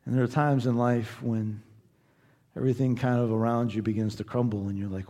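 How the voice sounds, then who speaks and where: A man's voice: medium pitch, fairly even intonation, a little fast, mellow. A man from Southern Indiana preaching a sermon as pastor, conversational, earnest and encouraging.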